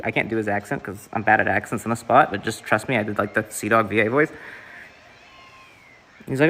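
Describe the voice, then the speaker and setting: A man's voice: lowish voice, fast, fairly bright tone. A young man from the Southeast US, streaming and chatting casually in a rambling way, with lots of fillers and swearing.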